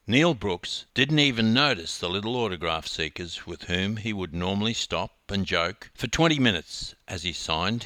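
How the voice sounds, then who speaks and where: Lively Australian man telling a story. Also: fairly low pitch, dry recording. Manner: lively, dramatic emphasis. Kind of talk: storytelling narration.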